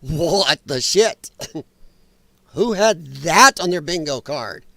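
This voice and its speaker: On the high side and sharp in tone, his expressive voice goes slowly, with no echo from his personal mic. The man hosts a laid-back political commentary stream, sarcastic and chatty, laughing often through a slightly strained voice.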